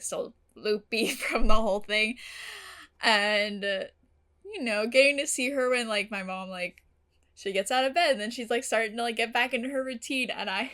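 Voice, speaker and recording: A young woman host giving a casual, gushing episode recap, giggling, swearing freely and jumping up in pitch when excited. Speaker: reaction channel host.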